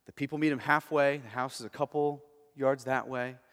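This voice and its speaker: A male pastor preaching a sermon, moving between hushed and emphatic delivery. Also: medium pitch, fairly even intonation, normal speed, big-room sound.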